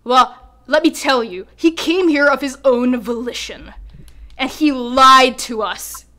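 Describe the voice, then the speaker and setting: A woman playing a stern, low-voiced half-elf leader. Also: slow, bright, forceful tone, heavily acted.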